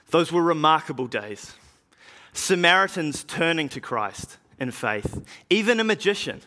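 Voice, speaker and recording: A man's voice: a little high, sharp tone, full character voice. A man playing an early Christian evangelist, telling his story in a dramatic first-person monologue for a church drama. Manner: earnest storytelling with slow, weighty pauses.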